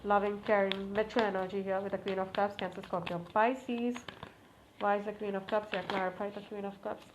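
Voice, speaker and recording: A woman giving a casual tarot reading to camera, talking to the cards, repeating requests and exclaiming with excitement. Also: medium pitch, fairly quick. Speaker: tarot reader. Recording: slightly muffled, faint background noise.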